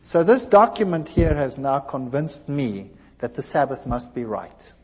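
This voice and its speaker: A man giving a personal testimony, telling his story in an animated way and acting out the dialogue. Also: medium pitch, a little slow, breathy edge. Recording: dull lo-fi recording in a large reverberant hall.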